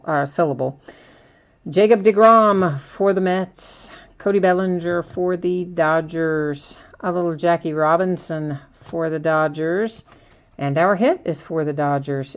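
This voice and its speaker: A woman's voice: low-pitched, measured pace. A woman hosting a live card break, chatting casually as she opens packs and reads out each card.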